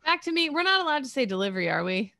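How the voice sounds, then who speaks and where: A woman's voice: high-pitched, sing-song, racing, creaky, sharp tone, no room sound. A woman in casual group banter, blunt and laughing, swearing freely.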